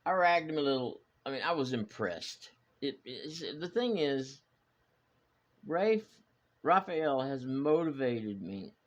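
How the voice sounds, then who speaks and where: A man's voice: medium pitch, dull audio. A man chatting in a reflective, wandering way, full of fillers and restarts, as the host of a hobby vlog. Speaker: channel host, hobby model builder. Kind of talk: rambling personal vlog chat.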